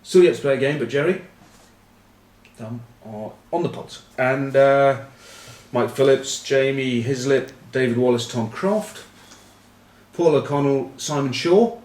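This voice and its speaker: Rambling deadpan man, roomy and distant. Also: medium pitch, unhurried. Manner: rambling, deadpan and irreverent, many fillers and asides. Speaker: rugby news host. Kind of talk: informal comedic news vlog.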